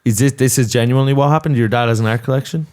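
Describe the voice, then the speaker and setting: A man's voice: medium pitch, very fast, darkish tone. A young Irish man on a podcast, bantering in a teasing, mock-outraged way. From Ireland. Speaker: podcast co-host. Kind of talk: casual banter.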